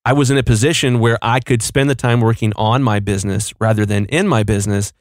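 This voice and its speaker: A man's voice: mid-range voice, steady tone, fast, no echo, studio quality. A married man hosting a podcast, speaking bluntly and with strong opinions. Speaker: podcast host. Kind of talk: casual podcast chat.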